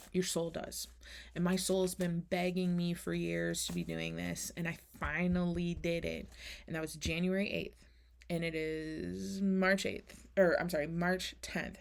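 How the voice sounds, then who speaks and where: A woman's voice: fairly low pitch, gravelly, a little mellow. A woman giving a casual, candid oracle card reading, chatting openly and swearing now and then.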